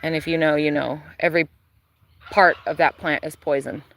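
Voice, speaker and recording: A woman with a fairly low voice walks her backyard garden, chatting casually into her phone as she shows viewers around. She talks in a relaxed way with lots of fillers, and a faint background noise sits under her voice. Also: moderate pace. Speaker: gardener showing her property. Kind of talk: casual live-stream chat.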